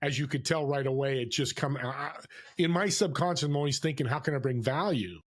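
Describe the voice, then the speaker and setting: Animated storytelling man. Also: medium pitch, brisk. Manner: animated storyteller, acts out quoted voices. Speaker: podcast guest. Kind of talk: storytelling interview. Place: California.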